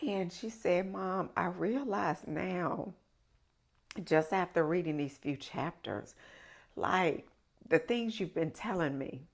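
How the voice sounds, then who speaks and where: Low-voiced woman telling her story. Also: takes it slowly, creaky. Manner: animated, emphatic storyteller. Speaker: podcast guest. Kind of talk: casual conversational storytelling.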